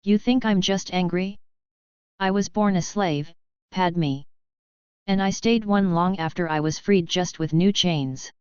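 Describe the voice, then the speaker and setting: Casting: angry, defiant young man gone dark, voiced by a woman narrator, dry, muffled sound. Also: on the low side, measured pace, clean tone, no echo, close to an everyday voice. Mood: furious. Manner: angry, bitter. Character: furious young man turned to darkness.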